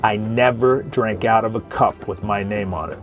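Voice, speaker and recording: A man's voice: fairly low pitch, moderate pace. A middle-aged man, a Coast Guard veteran, casually telling a joking, salty story to his viewers. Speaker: retired Coast Guard veteran, video host. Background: music.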